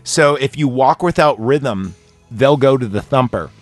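A man's voice: medium pitch, animated, measured pace, no echo, faint music behind. A man hosting a casual chat, retelling a movie scene with lots of fillers and acting out the characters' lines. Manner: rambling with many fillers, acting out quoted lines. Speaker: podcast host.

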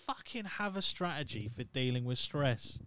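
This is a thirty-something podcast host from Norfolk, England, talking alone in a loose, profane, self-deprecating ramble. His voice sits in the middle range, a little bright, with lively intonation at a normal speed.

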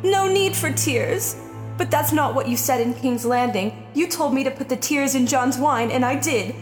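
A woman's voice: moderate pace, soft background music, lightly acted. A woman reading an audiobook, voicing a hysterical, clinging noblewoman who pleads and sobs. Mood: pleading hysterical. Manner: shrill, pleading, sobbing. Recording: long hall reverb.

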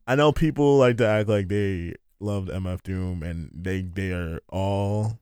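A man's voice: low voice, a little slow, darkish tone, clear, resonant tone, dry recording, studio quality. A young man hosting a show alone, riffing casually on listener questions with profane jokes and rambling restarts. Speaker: podcast host answering listener questions. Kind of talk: casual comedic monologue.

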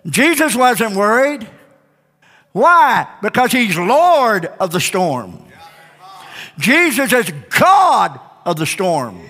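High-voiced, bright-toned preaching man. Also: big-room sound. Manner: impassioned preaching with swings between loud and quiet delivery. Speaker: pastor. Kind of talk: sermon.

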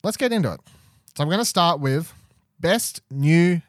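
A man's voice: fairly high pitch, animated, normal speed, dry recording, studio quality. A man hosting a podcast in casual, chatty talk, often laughing. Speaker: podcast host.

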